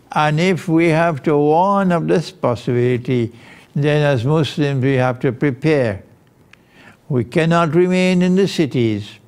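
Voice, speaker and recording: A man giving a recorded Islamic lecture, speaking in deliberate, emphatic phrases with pauses between them. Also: medium pitch, a little mellow, clear, resonant tone.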